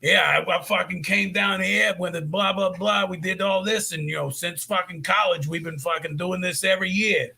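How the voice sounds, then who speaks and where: Dude doing a loud gravelly new tough guy, swaggering and cussing, bright and a bit raspy. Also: high-pitched, steady tone, normal speed, hardly any pauses, heavily acted. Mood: brash. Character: brash loud New York tough guy, middle-aged man. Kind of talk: comic impression in a story.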